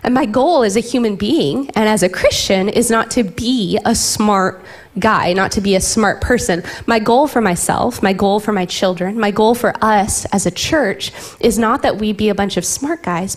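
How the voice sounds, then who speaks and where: A woman's voice: medium pitch, normal speed. A woman in her thirties preaching a sermon, telling playful family stories and dropping into whispers for effect. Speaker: pastor.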